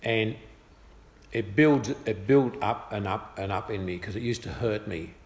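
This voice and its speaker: A man's voice: lowish voice, a little slow. Australian man telling a story in an echoey room. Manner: chatty, good-humoured, lively voiced quotes. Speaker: speaker sharing a personal testimony. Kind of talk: casual storytelling. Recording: echoey room with faint ambience.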